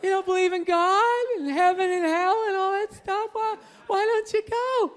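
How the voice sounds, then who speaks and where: A man's voice: very high-pitched, fairly even intonation, normal speed, some chatter behind, voice pushed up. A man putting on the voice of his devout girlfriend, asking in a baffled, pleading way why he skips church.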